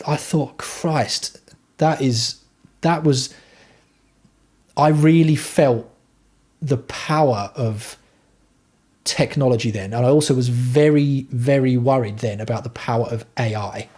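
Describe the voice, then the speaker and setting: Male streamer, husky voice, rambling, swears a lot, casual chat. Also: medium pitch, slow, long pauses, a little mellow. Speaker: livestream host.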